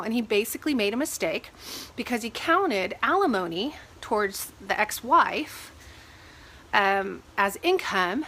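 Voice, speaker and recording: A woman real estate agent giving casual advice, sniffling from a cold and animated when she retells her arguments. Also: medium pitch, a little slow. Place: home with dogs.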